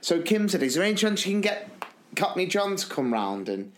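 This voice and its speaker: A man co-hosting a podcast, telling anecdotes in casual chat, animated and laughing often as he acts out what people said. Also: high voice, fairly quick, slight background noise. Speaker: podcast co-host.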